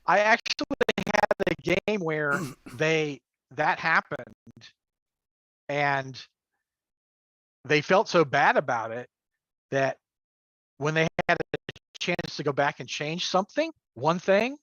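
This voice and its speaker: Taking it slowly and pausing often, a man with a fairly high, expressive, somewhat bright voice chats as guest game master on a casual livestream. There's no echo, but his remote call audio is dull and lo-fi, and he rambles with lots of fillers and chuckles.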